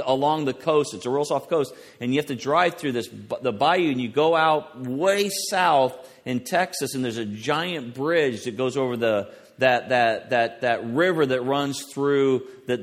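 A man preaching a sermon in a lively, conversational way, telling personal stories. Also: medium pitch, big-room sound. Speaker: pastor.

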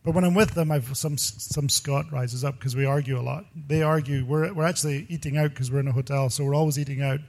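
A male pastor giving a sermon full of personal stories, talking in an animated, rambling way and laughing often. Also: on the high side, a little fast, gravelly, hardly any pauses.

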